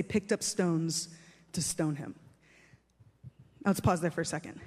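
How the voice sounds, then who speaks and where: A man's voice: on the high side, a little slow, pauses often. A man preaching a sermon in a conversational, emphatic way, often repeating his phrases for stress. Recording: long reverb of a large hall.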